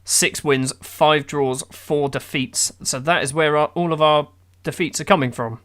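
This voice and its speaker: A man's voice: fairly high pitch, steady tone, measured pace, a bit bright. A man playing a football manager game, giving sarcastic, exasperated running commentary on the matches. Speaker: gaming YouTuber.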